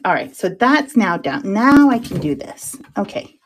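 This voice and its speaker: A woman hosting a crafting show, chatting to herself as she works, self-mocking and quick to laugh, sometimes dropping into soft whispers while she concentrates. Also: medium pitch, very animated, a little hiss or hum. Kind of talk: casual crafting chat.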